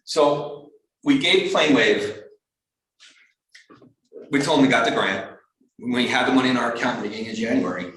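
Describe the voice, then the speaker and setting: A man giving a storytelling talk to an astronomy club, lively and acting out the voices of other people. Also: normal speed, long pauses. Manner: animated, acts out quoted voices in a higher pitch. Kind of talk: storytelling lecture. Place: community hall talk. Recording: very echoey hall, speaker far from mic.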